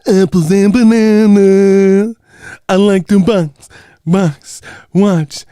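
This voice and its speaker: A goofy, high sing-song voice like a children's show singer, drawing out every word, as a man puts it on. It sounds smooth and close, with a dry room. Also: fairly even intonation, very slow, mellow, no room sound.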